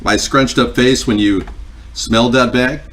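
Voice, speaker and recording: A man's voice: mid-range voice, fairly even intonation, a little slow, fairly bright tone, far from the mic. A man hosting a cooking livestream at home, chatting casually and joking with viewers in a rambling way. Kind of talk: casual chat answering viewer comments. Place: home kitchen.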